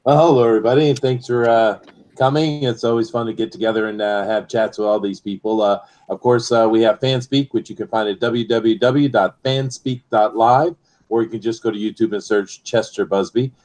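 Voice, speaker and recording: A man with a somewhat low voice speaks on an online panel. He is friendly and pauses often with fillers. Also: fairly even intonation, darkish tone. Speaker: panel guest, writer. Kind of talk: casual livestream chat.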